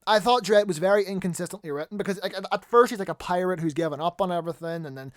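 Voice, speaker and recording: A man's voice: sits high, racing, no room sound. Rambling young-sounding man, dry close mic. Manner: rambling, lots of fillers, swears casually. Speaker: video reviewer. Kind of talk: casual rambling commentary.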